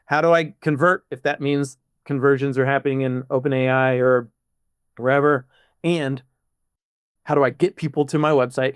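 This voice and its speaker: Animated man explaining on a podcast. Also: medium pitch, no echo, studio quality. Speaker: podcast guest, product manager. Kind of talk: casual podcast chat.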